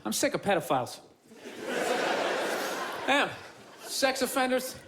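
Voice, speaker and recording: A man's voice: very high-pitched, sing-song, slow. A man doing a stand-up set on a theater stage, ranting and cursing in a self-deprecating way into a handheld mic. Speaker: stand-up comedian. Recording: live show with loud crowd noise. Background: roaring audience laughter.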